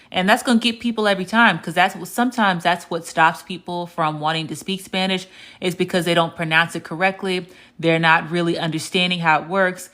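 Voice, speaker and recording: A woman teaches Spanish on a live stream in a fairly low voice. She is patient and clear and says each example word slowly, more than once. Now and then she stops to read out a viewer's comment and answer it. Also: fairly bright tone. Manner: reads viewer comments aloud and answers them. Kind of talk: live-stream language lesson.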